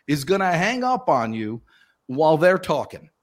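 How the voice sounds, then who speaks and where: A slightly high male voice at a moderate pace belongs to a sales coach from the Southern United States, speaking animatedly as a guest in an interview. He's lively and acts out phone calls using different voices.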